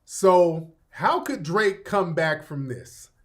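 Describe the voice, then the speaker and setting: A man's voice: a little high, expressive, slow pace. A middle-aged man hosting an online radio show, talking loosely and directly to his viewers in casual commentary.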